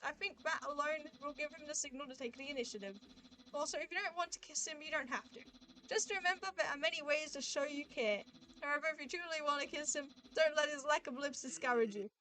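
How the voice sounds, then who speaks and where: In a livestreamed reading of a visual novel, a woman takes on the role of a grand, earnest male skeleton, boastful and cheerful, who proudly and eagerly announces everything in formal terms. The voice is high-pitched, bright and sharp, with slight background noise.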